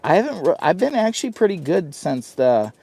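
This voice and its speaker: A man's voice: high voice, very animated, brisk, vocal fry, mellow, husky. A man chatting on a live stream from a heated winter tent, rambling and laughing often at himself. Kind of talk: casual live-stream chat.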